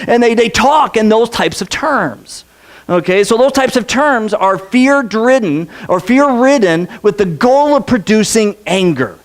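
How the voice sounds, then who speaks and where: Male pastor with a very high voice, chatty repetitive sermon delivery in a church. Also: animated, normal speed. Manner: conversational, repeats phrases and checks in with "okay". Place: church sanctuary.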